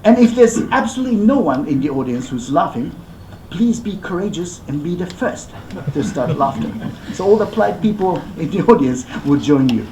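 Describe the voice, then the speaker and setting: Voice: mid-range voice, big pitch swings, normal speed, warm tone, roomy sound, slight background noise, poor audio. Playful performer coaching a live audience. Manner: playful, coaxing, gives step-by-step instructions. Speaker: rakugo performer.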